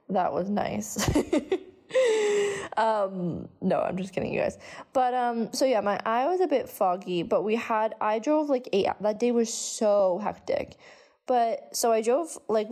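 A woman's voice: medium pitch, dark tone. A young woman telling a casual storytime vlog, chatty, with frequent swearing and many fillers. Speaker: vlogger.

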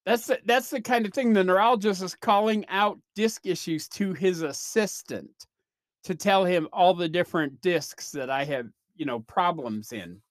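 A man's voice: high voice, moderate pace, no room sound, studio quality. Rambling, self-deprecating male podcaster. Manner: rambling, self-deprecating storytelling with frequent fillers. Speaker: podcast host. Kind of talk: casual solo podcast monologue.

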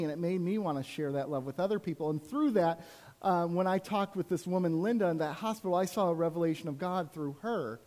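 A man's voice: high-pitched, darkish tone. A man preaching a sermon as a pastor, telling personal stories in a conversational way with frequent asides to the congregation.

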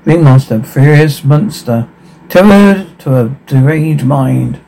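A man reading a show's captions aloud in a plain, halting way, with slips and restarts. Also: mid-range voice, expressive, creaky, dark tone, slight background noise, poor audio.

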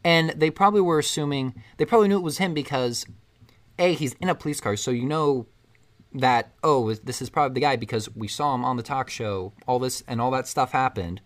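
A man in casual chat, rambling through a movie plot and acting out the characters' lines along the way. His voice sits at an ordinary middle pitch, and he keeps the story rolling. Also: brisk. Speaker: co-host recapping a film.

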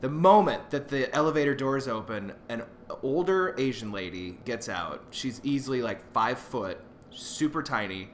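A man's voice: mid-range voice, expressive, normal speed, slight background noise. A young man co-hosting a casual podcast, rambling and joking with restarts. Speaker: podcast co-host.

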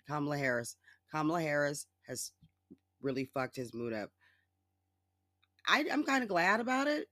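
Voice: sing-song, normal speed, sharp tone, dry recording. Sarcastic profane podcast ranter, dry sound. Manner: laughs often and mimics others in exaggerated high voices. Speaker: podcast host. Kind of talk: casual solo political rant.

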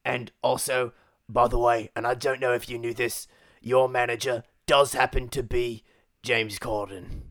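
Vengeful tough-guy customer, all vocal fry, deadpan, improvised by a man. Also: mid-range voice, measured pace, dry recording. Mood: blunt. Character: gruff male action-star customer bent on revenge. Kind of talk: improvised comedy impression.

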